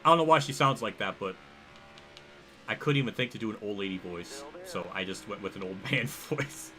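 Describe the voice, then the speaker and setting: A young man livestreaming a racing game, rambling and thinking aloud as he reacts loudly to the action on track. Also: lowish voice, animated, a little fast, soft background music. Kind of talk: live gameplay commentary.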